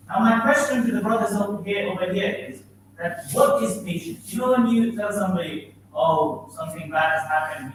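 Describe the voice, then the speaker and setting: A man's voice: high-pitched, slight background noise. A man giving an Islamic lecture, asking the audience questions and quoting Arabic verses. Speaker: imam giving a talk. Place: mosque hall. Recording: very echoey hall from far off.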